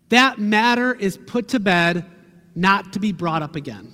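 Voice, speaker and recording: A middle-aged man preaching a sermon as a pastor, earnest and conversational, ending with a quiet prayer. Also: sits high, normal speed, long reverb tail.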